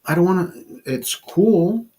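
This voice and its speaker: A man's voice: high voice, animated, measured pace, warm tone, slightly rough. A man of fifty ranting in a casual monologue, blunt and profane, often restarting and repeating his words. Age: 50s. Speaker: vlogger.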